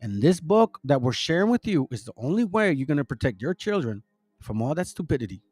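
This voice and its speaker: A man's voice: on the high side, big pitch swings, brisk, a little mellow, slightly rough, no echo, soft background music. A middle-aged man hosting a casual preaching monologue, rambling and slangy, calling his listeners family and bro. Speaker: religious channel host.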